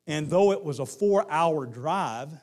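A middle-aged man with a Southern accent preaching a sermon, moving from hushed lines to shouted ones. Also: fairly high pitch, expressive, measured pace. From Southern United States. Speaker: pastor.

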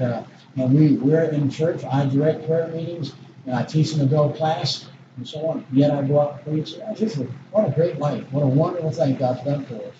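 An older man preaches in a folksy, rambling way, circling back and restarting as he tells stories. His voice sits a little high and carries the roomy echo of a church. He is heard from some distance on a dull, noisy recording. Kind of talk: sermon.

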